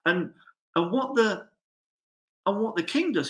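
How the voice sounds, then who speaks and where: A man's voice: sits high, animated, unhurried, pauses often, fairly bright tone. A man preaching a sermon, telling a story with rhetorical questions. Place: church. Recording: echoey church hall.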